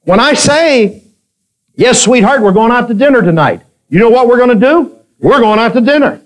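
A man preaching a sermon to a congregation, moving between quiet asides and emphatic exclamations. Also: animated, moderate pace, low-quality recording. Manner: preaching, swings between soft asides and loud high exclamations. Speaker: pastor. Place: church with a congregation.

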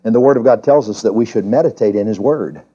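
A man preaching an evening sermon in church, emphatic and questioning the congregation, often climbing high in pitch to stress a point. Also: quick pace, warm tone, slightly rough, highs cut off. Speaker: pastor. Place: church during a service.

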